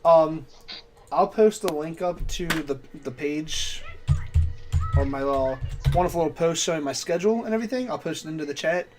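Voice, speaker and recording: Stammering male game master, slightly high voice. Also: moderate pace, over music. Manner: stammering restarts, self-mocking jokes. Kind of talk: narrating a tabletop game on a live stream.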